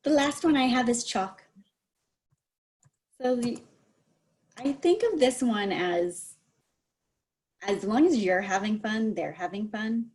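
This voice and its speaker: A woman's voice: a little high, slow, pauses often, darkish tone. Woman on a video call giving speech tips, chill and encouraging, laughs a lot. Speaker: speech-language advisor. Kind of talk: casual advice chat.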